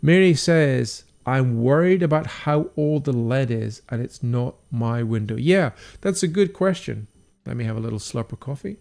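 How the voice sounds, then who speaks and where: A man's voice: mid-range voice, animated, normal speed, gravelly, a little mellow. An older Scottish man, a stained glass artist chatting casually and encouragingly on his livestream and reading out viewer comments. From Scotland.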